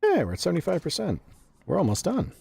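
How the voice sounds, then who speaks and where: A man's voice: high-pitched, wildly swooping pitch, quick pace, gravelly, mellow, slightly rough. A man from the United States streaming a video game, chatting casually, laughing often, swearing freely and answering his chat. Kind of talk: casual live gameplay commentary.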